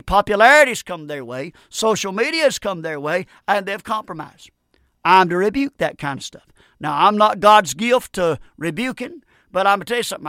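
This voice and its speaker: A man's voice: sits high, a bit bright, no echo, studio quality. A middle-aged man preaching a radio sermon, fervent and repetitive, often adding amen.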